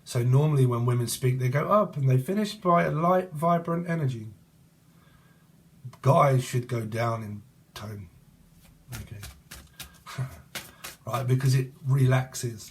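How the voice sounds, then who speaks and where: A man's voice: medium pitch, measured pace, long pauses. A man in his forties giving a rambling tarot reading, crude and jokey, swearing as he digresses. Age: 40s. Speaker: tarot reader.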